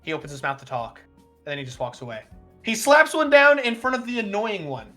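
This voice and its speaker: A streamer narrating a live tabletop role-play as game master with animated storytelling. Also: mid-range voice, brisk, faint music behind.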